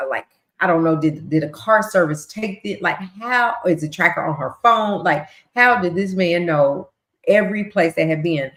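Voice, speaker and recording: A woman's voice: on the low side, fairly bright tone. Woman, livestream host, chatty recap, retells with voiced quotes, roomy echo. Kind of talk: casual recap of trial testimony.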